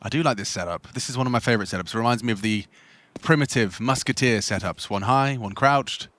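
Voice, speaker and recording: A man's voice: medium pitch, quick pace, fairly bright tone, dry recording. A man giving live color commentary as an esports caster, with playful, silly asides.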